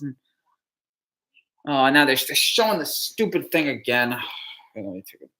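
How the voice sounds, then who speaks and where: A man's voice: fairly high pitch, lively intonation, moderate pace, pushed and bright. A man on a live reaction stream, dejected and stammering, repeating himself.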